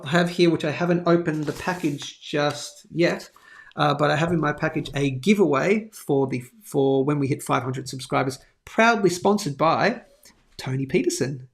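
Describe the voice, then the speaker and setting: Gravelly-voiced chatty man. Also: on the high side. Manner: chatty, rambling, lots of fillers and asides. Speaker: host of a live precious metals show. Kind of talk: casual live-stream chat and product plug.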